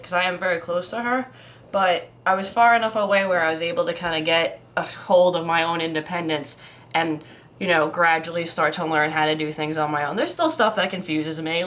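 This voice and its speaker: In a documentary interview, a woman in her twenties talks emphatically and casually, filling her speech with "like" and swearing when upset. Her lowish voice has a fairly bright tone, with slight background noise.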